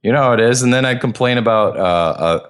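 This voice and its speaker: A man co-hosting a podcast in casual chat, relaxed and agreeable, laughing along with his partner. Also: mid-range voice, a little fast, clear, resonant tone. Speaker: podcast co-host.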